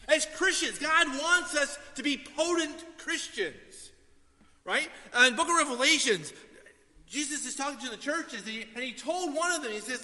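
A man preaching a sermon in a church, in a conversational style with frequent "right?" asides, swinging from hushed storytelling to loud emphasis. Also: extremely high pitch, very animated, moderate pace. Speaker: pastor. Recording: hall reverb.

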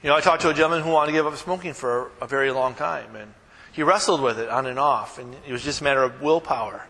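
A man's voice: mid-range voice, fast talker, pushed and bright, in a large hall. A man preaching a sermon as pastor, talking casually with anecdotes, many fillers and restarts. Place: church.

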